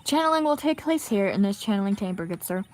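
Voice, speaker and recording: A woman's voice: mid-range voice, lively intonation, fast talker, darkish tone, a little hiss or hum, close to an everyday voice. A woman voicing a stern, formal middle-aged female spirit medium who speaks stiffly and politely. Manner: stiff, formal, addresses others as good sir.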